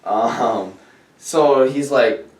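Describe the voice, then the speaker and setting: This man's mid-range voice draws out his words as he wanders through a swear-heavy anecdote on a podcast, becoming lively in the retelling. The casual chat has a roomy, distant-from-the-mic sound.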